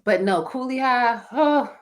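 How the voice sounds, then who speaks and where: A woman with a Philadelphia accent co-hosting a live chat show, talking in an animated, emotional way and breaking into song now and then. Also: a little high, measured pace. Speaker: podcast co-host.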